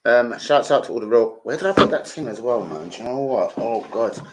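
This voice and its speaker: An older man, chatting casually on a live stream, shouting out to viewers and swearing freely. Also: mid-range voice, lively intonation, brisk, background noise.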